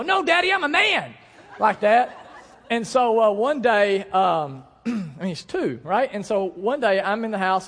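A man in his thirties, a pastor, preaching a sermon with earnest emphasis and playful storytelling asides. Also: on the high side. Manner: earnest, emphatic preaching with slowed stress on key words. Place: church sanctuary. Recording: long church hall reverb.

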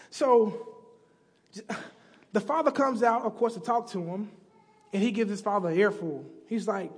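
A man's voice: sits high, a little slow, long pauses, breathy edge, in a large hall. A man preaching a sermon, telling stories and acting out characters in a casual, slangy way. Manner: acts out characters with slang voices. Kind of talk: sermon storytelling. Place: church sanctuary.

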